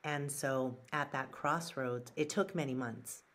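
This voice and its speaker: A woman guest, a brand strategist and author, giving measured and earnest answers in an interview, pausing with fillers and restarts. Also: rumbling low, fairly bright tone.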